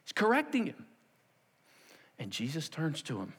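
A man preaching a sermon to a congregation, animated and acting out the scenes of the story in different voices. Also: a little high, moderate pace, in a large hall. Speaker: pastor.

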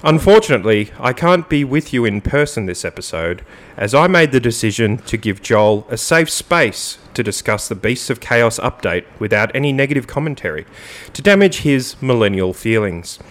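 A man's voice: mid-range voice, sing-song, normal speed, few pauses, fairly bright tone. Joking podcast co-host man. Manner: jokey, laughs often, dry mock-formal reading. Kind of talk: casual banter and reading a statement aloud.

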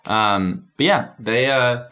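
A man's voice: mid-range voice, takes it slowly, sharp tone. A young man co-hosting a podcast, chatting casually with friends and laughing often. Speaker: podcast co-host. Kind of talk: casual joking chat.

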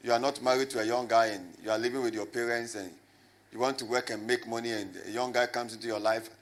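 A man preaching a lively sermon as a pastor, swinging from loud shouts to low asides and calling on the congregation to answer. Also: fast talker. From Ghana. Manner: animated, rising to shouts and dropping low, with call and response.

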